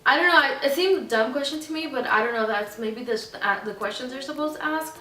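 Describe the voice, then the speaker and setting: A woman's voice: high voice, a little fast, far from the mic. Chatty young woman, echoey room. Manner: rambling, animated retelling that acts out other people's lines. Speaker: vlogger. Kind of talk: casual storytime. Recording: echoey room, voice a bit off-mic, faint music.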